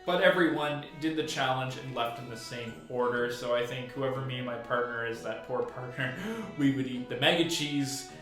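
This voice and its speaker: A man's voice: mid-range voice, moderate pace, few pauses, a bit bright. A young man hosts a casual recap video in a chatty way, laughing often as he talks. His voice sits in the middle range. The room around him is very echoey, and faint music plays underneath.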